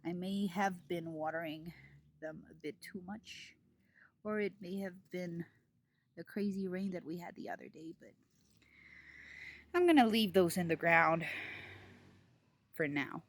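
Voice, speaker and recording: A woman's voice: fairly low pitch, unhurried, pauses often, dry recording. A woman giving a casual garden tour in her vlog, giddy and giggly, outdoors in her home garden. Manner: giddy, giggly, over-excited. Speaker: gardening vlogger.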